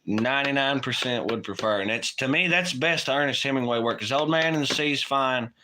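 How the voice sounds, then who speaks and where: Bright-voiced, profane man on a livestream. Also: mid-range voice, fairly quick, slight background noise. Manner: rambling, profane, laughs often. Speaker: livestream co-host. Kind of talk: casual late-night chat.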